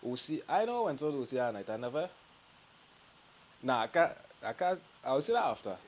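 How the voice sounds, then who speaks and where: A man with a Trinidadian accent telling stories to the camera in a lively way, laughing and acting out what friends said. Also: mid-range voice, fairly quick, a little hiss or hum, rough recording. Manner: animated, laughing, acts out quotes. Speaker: group member telling stories. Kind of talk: casual storytelling to camera.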